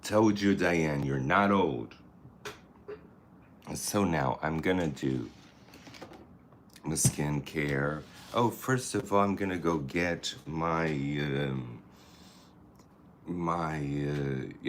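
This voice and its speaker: A man's voice: extremely low pitch, drawn-out words, a little hiss or hum. A man vlogging a get-ready-with-me routine, chatting in a campy, playful way. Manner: chatty, campy, talks to the camera and people nearby. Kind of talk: casual get-ready-with-me chat.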